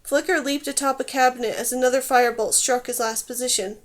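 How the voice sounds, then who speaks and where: A woman reading a fantasy novel aloud in steady, clear scripted narration. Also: sits high, quick pace. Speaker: audiobook reader.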